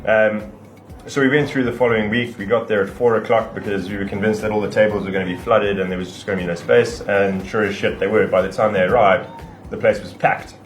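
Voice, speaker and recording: A South African man telling a long, excitable anecdote in a casual podcast chat. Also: on the low side, fast, roomy sound, faint music behind, poor audio. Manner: excitable, rambling anecdote teller.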